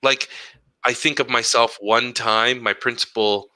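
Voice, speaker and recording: A middle-aged man, an educator co-hosting a podcast, chatting casually and telling animated stories that act out quoted dialogue. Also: medium pitch, measured pace, dry recording, rough recording. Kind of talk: casual chat.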